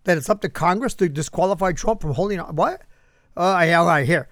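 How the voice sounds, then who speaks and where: Male commentary host, high voice, sarcastic asides, dry close sound. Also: fairly quick, a bit bright, dry recording. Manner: sarcastic, talks back to an unheard listener. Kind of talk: political commentary.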